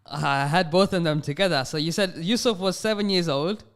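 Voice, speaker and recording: A man hosts a live radio phone-in from the studio, coaxing young callers along with patient encouragement. His voice is smooth and resonant and sits a little higher than most men's. He drops devotional phrases between his questions. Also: moderate pace, a bit bright. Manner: sprinkles Islamic phrases through his talk. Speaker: radio call-in host.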